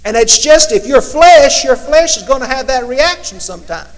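Guy preaching, high voice, chatty, acts out prayers, big echoey church sound. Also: animated, normal speed. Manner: conversational, acts out imagined prayers to God. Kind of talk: sermon. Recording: long hall reverb.

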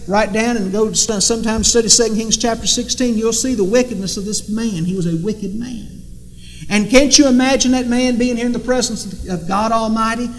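A man's voice: very high-pitched, a little hiss or hum. A man preaching a sermon, emphatic and repetitive, firing off rhetorical questions. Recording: long reverb in a hall.

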